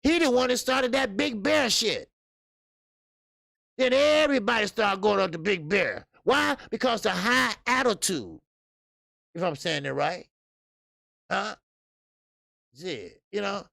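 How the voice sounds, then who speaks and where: Host type: man in his 50s, high gravelly voice, loose rambling boxing chat, dry close sound. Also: lively intonation, unhurried, long pauses, a bit bright, dry recording. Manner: loose and chatty, greets viewers, rambling asides. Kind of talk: casual live-stream boxing talk.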